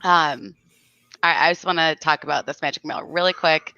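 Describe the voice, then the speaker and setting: A woman's voice: low voice, steady tone, moderate pace, pushed and bright, dry recording, highs cut off. A woman from South Florida hosting a casual livestream and greeting her viewers by name. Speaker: livestream host.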